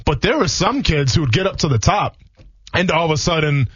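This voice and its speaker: A man from Wisconsin, co-hosting a radio show, telling animated stories in casual banter. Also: fairly high pitch, a little fast, breathy edge, no room sound, lo-fi sound. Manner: animated storyteller, acts out quoted lines.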